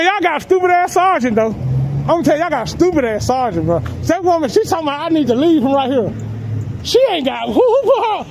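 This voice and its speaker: A man with a very high voice talks back casually on the street, brash and taunting, swearing freely and breaking into laughter. He is outdoors on a sidewalk, caught on the camera he holds, with a faint hum of traffic behind him. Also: vocal fry, poor audio. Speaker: citizen filming police.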